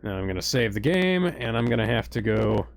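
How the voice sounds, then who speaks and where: Gravelly man joking through a game. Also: lowish voice, big pitch swings, a little fast, dry recording. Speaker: gamer, co-host. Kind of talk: casual gaming chat.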